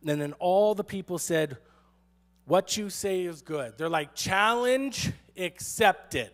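Man, pastor, sermon, high voice, sarcastic, playful storytelling. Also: measured pace, darkish tone.

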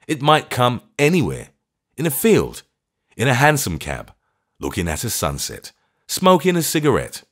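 A man narrating a classic thriller audiobook in a measured storytelling voice. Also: mid-range voice, wildly swooping pitch. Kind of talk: scripted narration.

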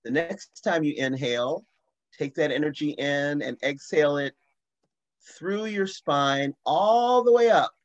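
A man leading a slow, soothing guided grounding meditation as the facilitator of a video-call assembly. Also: on the high side, lo-fi sound. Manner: slow, soothing guidance with bursts of excitement.

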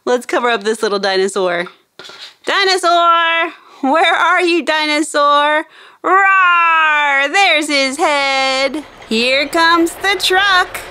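A young adult woman hosting a children's show, narrating slowly and gently in a sing-song, animated way for kids. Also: sits high. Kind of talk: slow kid-directed narration.

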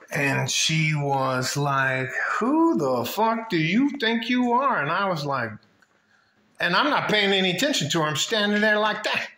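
A man telling a story in a casual vlog rant, animated, blunt and profane as he speaks to his viewers. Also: mid-range voice, reverberant, a little hiss or hum. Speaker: vlogger addressing his viewers.

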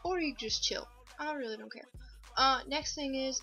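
A woman's voice: on the high side, fairly even intonation, measured pace, sharp tone, soft background music. A young woman talking casually in a rambling, goofy and profane show-and-tell vlog, full of fillers. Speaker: vlogger.

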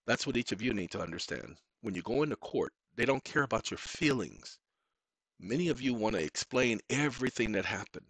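A man's voice: mid-range voice, expressive, fairly quick, fairly bright tone, slightly rough, no echo, rough recording. Blunt, emphatic man lecturing. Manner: blunt, emphatic, lecturing, repeats phrases for stress; informal street-style speech. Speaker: self-help legal educator. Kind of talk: direct-to-camera lecture.

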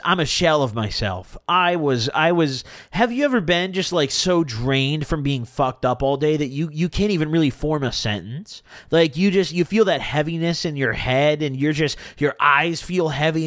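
A young man with a slightly high voice tells a story in a loose, rambling way, full of swearing and second thoughts. The sound is close and dry. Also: expressive, brisk, a bit bright, dry recording. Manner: rambling, profane, self-correcting. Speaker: storytelling streamer. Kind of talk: casual storytime.

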